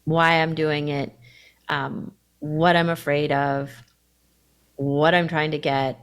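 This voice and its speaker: Candid, reflective woman co-host, lowish voice. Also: level tone, slow pace, clear, resonant tone. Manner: candid, self-reflective, acts out inner voices with sudden loud bursts. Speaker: podcast co-host. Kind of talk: reflective conversational chat.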